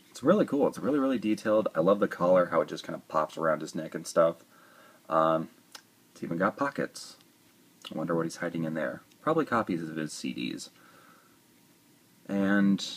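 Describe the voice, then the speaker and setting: A man talks through a toy review in a loose, rambling way, tossing in joking asides. His voice sits low and has a husky grain. The delivery stays easygoing and conversational. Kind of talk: casual review talk.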